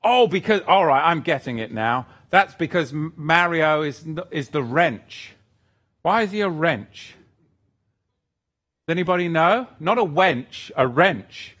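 Slow, unhurried male Bible teacher. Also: a little high, lively intonation, a bit bright. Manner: rambling, thinks aloud with restarts. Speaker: Bible teacher answering viewer questions. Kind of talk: live-stream Q&A teaching.

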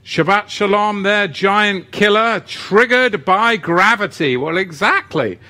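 A man's voice: sits high, animated, slow, bright, forceful tone. A man teaching a live-streamed lesson who reads the chat and greets viewers by name, with playful asides. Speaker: livestream teacher.

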